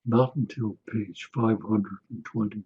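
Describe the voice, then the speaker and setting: Slow, husky man giving a webinar talk. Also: on the low side, fairly even intonation, dull audio. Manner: unhurried, often checks in with listeners with "Okay?". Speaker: webinar presenter on attitudinal healing. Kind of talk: spoken webinar lecture.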